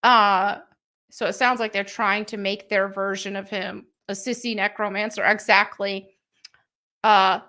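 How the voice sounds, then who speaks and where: A woman's voice: mid-range voice, fairly even intonation, measured pace, bright, forceful tone. A woman hosting a live show, giving blunt, sarcastic commentary while reading from articles. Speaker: livestream show host.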